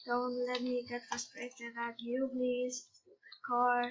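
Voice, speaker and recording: Woman gamer, high voice, slow delivery, frustrated running commentary. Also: completely flat delivery, husky, dull audio. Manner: frustrated, exclaiming, complaining. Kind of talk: casual gameplay commentary.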